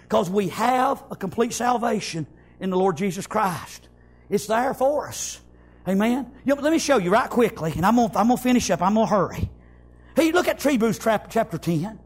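A man preaching a fiery sermon, shouting in bursts and repeating "praise God" and "amen". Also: extremely high pitch.

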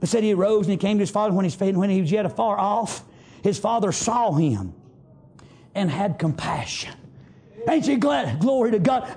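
A man preaching a fervent sermon, rising to shouts and punctuating with amens. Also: high voice, expressive, moderate pace.

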